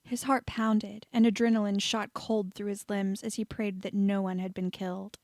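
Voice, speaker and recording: A woman reading fan fiction aloud as an audiobook narrator, steady and even. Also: mid-range voice, moderate pace, few pauses, no room sound, clean studio sound. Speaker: audiobook reader.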